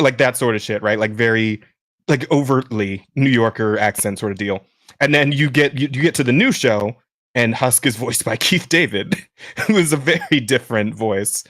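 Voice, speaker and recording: A man with a smooth voice hosts a podcast in loose, casual chat at a middle pitch. He talks in rambling runs full of restarts and fillers, often laughing mid-sentence. The recording is dry, with no room sound. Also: moderate pace, a bit bright, dry recording. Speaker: podcast host.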